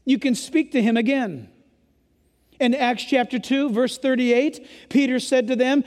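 A male pastor preaching a sermon to his church during a service, speaking emphatically and sometimes yelling. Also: extremely high pitch, slow pace, in a large hall.

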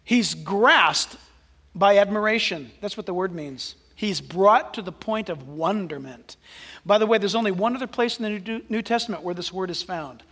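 Male pastor, high bright voice, animated sermon, long hall reverb. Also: normal speed. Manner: animated, swings from hushed asides to loud exclamations.

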